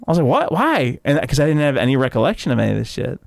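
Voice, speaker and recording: A male comedian from Chicago telling stories in casual podcast chat, animated and profane, acting out quotes in a raised voice. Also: mid-range voice, very fast, gravelly, no room sound, clean studio sound. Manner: animated storyteller, swears freely, acts out quotes in a raised voice. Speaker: comedian guest.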